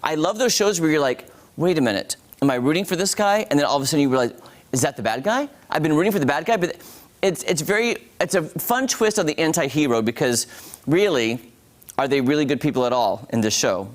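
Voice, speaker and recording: Chatty, animated male TV reviewer. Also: mid-range voice. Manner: chatty, animated, addresses viewers as guys. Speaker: TV show reviewer on a morning show. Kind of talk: casual TV review.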